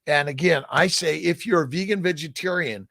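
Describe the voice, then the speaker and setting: Upbeat older man with a gravelly voice. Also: a little high, moderate pace, a bit bright, dry recording, clean studio sound. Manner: upbeat, encouraging, folksy with frequent "right?". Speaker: host answering viewer questions. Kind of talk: casual live-stream Q&A, reading comments.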